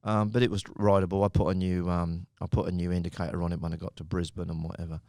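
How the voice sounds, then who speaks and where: A man's voice: sits low, flat delivery, fast, a little mellow, no room sound, clean studio sound. A man in his sixties from the United Kingdom, a podcast guest telling long, rambling anecdotes with frequent chuckles. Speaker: podcast guest, company founder. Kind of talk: casual storytelling.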